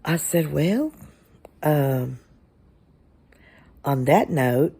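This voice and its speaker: Low-voiced woman telling a classroom story. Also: measured pace. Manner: animated storytelling, acting out dialogue with a child. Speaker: substitute teacher. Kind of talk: casual storytelling vlog.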